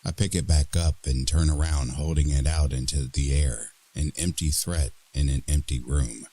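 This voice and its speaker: A man narrating a horror story in a dramatic, expressive reading style. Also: rumbling low, moderate pace.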